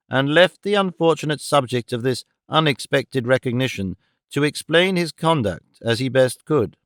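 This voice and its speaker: A man narrating a classic novel in a measured, expressive way. His voice sits a touch high and sounds smooth and resonant. The recording is dry and close, as from a studio. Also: no echo. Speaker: audiobook narrator. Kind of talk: scripted narration.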